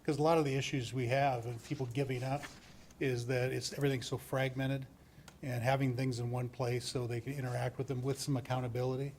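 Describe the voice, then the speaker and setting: A male judge presents to a city council, pausing and restarting as he goes. His voice is flat and even, medium in pitch. A faint room noise runs under the meeting-hall sound. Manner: measured, flat delivery with frequent restarts. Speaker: municipal court judge. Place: council chamber.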